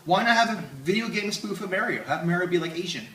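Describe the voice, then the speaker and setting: A man hosting a comedy show, rambling and joking with loud bursts, in an echoey room. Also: high-pitched, expressive, fast, recorded from a distance, a little hiss or hum. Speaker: comedy podcast host. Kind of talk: casual comedy banter.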